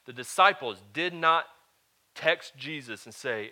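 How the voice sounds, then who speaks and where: A middle-aged man preaching a sermon as pastor, telling a family story with animated rhetorical questions. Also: on the high side, unhurried.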